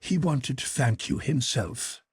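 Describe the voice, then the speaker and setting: A man voicing an anxious middle-aged noblewoman, speaking gently and imploringly, slow and pointed. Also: medium pitch, big pitch swings, breathy edge, dry recording, studio quality, voice pushed up, exaggerated voice. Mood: mournful, imploring.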